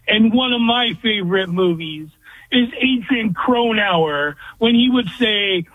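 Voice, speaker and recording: A man's voice: high voice, expressive, unhurried, no room sound. A man calling in to a sports radio show, giving blunt, ranting opinions. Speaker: caller. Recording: phone line.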